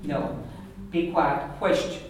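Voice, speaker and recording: A man with an Irish accent teaching an Irish language class, repeating words slowly for learners to copy. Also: fairly high pitch, vocal fry, a crowd in the background. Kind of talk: classroom lesson. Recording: echoey room, recorded from a distance.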